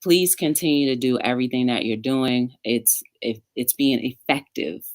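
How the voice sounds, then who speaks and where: A woman hosting a casual online interview show, speaking in an encouraging, unhurried way with plenty of "um"s. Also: very deep voice, darkish tone, dry recording, clean studio sound. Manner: encouraging, filler-heavy, drawn-out phrasing. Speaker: talk show host.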